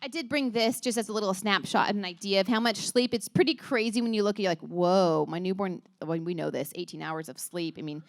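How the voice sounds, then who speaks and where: A woman, likely in her thirties, shares stories and advice with a church moms' group in a warm, rambling, earnest way, stumbling over words and restarting sentences. Her voice sits at a middle pitch. The recording is close and dry, with almost no room sound. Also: quick pace, hardly any pauses, no room sound. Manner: chatty and earnest, with many restarts and laughs. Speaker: speaker at a church moms' gathering. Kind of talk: casual talk to a women's group.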